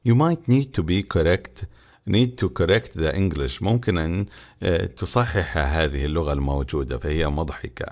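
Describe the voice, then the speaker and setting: A man's voice: low-pitched, animated, very fast, a little mellow. A man whose first language is Arabic, teaching an English textbook and explaining each line. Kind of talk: bilingual textbook lesson.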